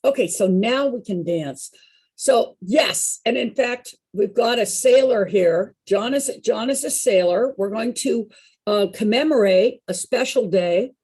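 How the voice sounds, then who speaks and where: A woman with a slightly high, husky voice leads a group activity over a video call. She talks in a playful, chatty way and keeps cheering the group on. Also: measured pace, a little mellow. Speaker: activity leader.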